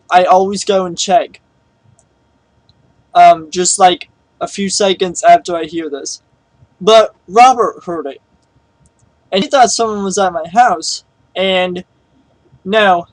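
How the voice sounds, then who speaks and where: A man's voice: high-pitched, no echo, low-quality recording. A man telling a personal story in a casual vlog, rambling with lots of fillers and restarts. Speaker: vlogger.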